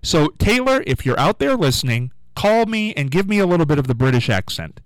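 A male radio host at a studio mic, talking in a loose, rambling way with a lively, up-and-down pitch. The sound is close and dry, with no room around it. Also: fairly quick, dry recording, low-quality recording. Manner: chatty, rambling, repeats himself. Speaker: radio talk show host. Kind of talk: casual call-in radio talk.

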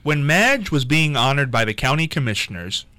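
Radio host guy, bright animated voice, laughs a lot, casual chat. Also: mid-range voice, normal speed, dry recording. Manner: lively, laughing interviewer.

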